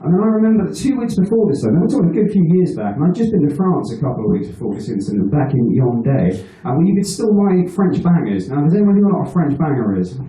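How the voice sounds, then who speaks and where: A man's voice: on the high side, sing-song, fast, few pauses, warm tone. Swearing storyteller man in an echoey room. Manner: crude, rambling, laughs at his own jokes. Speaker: stand-up comedian. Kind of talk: storytelling stand-up set. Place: live venue with an audience. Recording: echoey room, mic heard from a distance.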